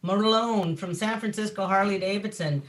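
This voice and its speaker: A woman guest on a talk show chatting casually about her bikes, animated and swearing freely, laughing often. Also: mid-range voice, normal speed. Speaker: guest, map company founder. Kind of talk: casual chat.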